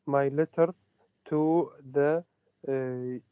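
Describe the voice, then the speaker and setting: A man's voice: mid-range voice, fairly even intonation, very slow, warm tone, smooth, dry recording. A male student answering a question in an online class. He speaks hesitantly and keeps restarting his words. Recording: dull lo-fi call audio from off-mic.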